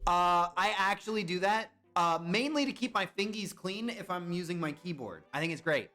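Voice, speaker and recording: A young man chatting casually on a live stream, excitable and swearing when he guesses wrong. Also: sits high, moderate pace, faint music behind. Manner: excitable, swears and yelps at misses.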